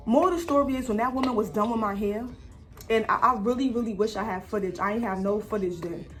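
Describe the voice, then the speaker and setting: A woman telling a story on her vlog in an animated way, full of swearing and slang. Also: fairly high pitch, fast, soft background music. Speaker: vlogger.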